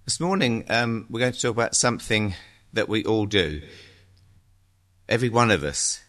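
A man in his sixties giving a church exhortation as a lay preacher, halting and chatty with many ums and uhs. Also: on the low side, animated, fairly bright tone. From England.

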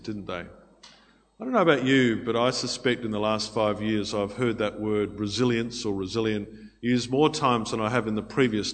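Male preacher, expressive delivery moving between loud pleading and quiet asides, long hall reverb. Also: fairly low pitch. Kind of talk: sermon.

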